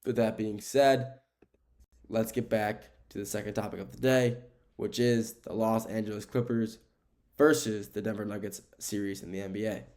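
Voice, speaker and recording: A young American man hosting a sports podcast alone. He rambles in casual chat, repeats himself and uses a lot of fillers, and he gets excited when he talks about the games. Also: on the low side, normal speed. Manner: grows excited when talking about the game. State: sleepy, keeps yawning. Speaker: podcast host.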